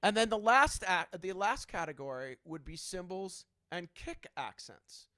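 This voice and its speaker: A man's voice: sits high, animated, measured pace, pushed and bright, no echo. A man teaching a drum clinic in a casual, chatty way, checking in often with his students. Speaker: drum instructor.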